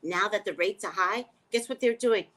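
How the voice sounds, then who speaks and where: A woman's voice: medium pitch, moderate pace, fairly bright tone. A woman hosting a casual livestream, chatting back to viewer comments. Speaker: livestream host and psychic reader.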